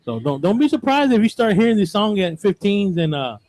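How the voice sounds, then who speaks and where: A middle-aged man hosts a radio show in loose, rambling chat. His voice sits a bit high for a man, and he circles back over his points with many fillers. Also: sing-song, fairly quick, a little mellow, no room sound. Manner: rambling, repeats himself. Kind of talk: casual chat.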